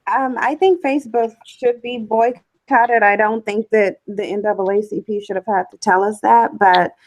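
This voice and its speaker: A woman's voice: mid-range voice, steady tone, moderate pace, a little mellow, no room sound, low-quality recording. A woman speaking as a guest on a talk show, giving blunt, opinionated, dismissive views in casual chat.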